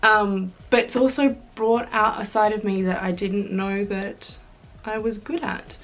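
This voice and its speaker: A woman's voice: medium pitch, fairly even intonation, unhurried, faint music behind. A young Australian woman chatting casually to camera in a vlog, bubbly and chatty with fillers and giggles. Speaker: YouTuber.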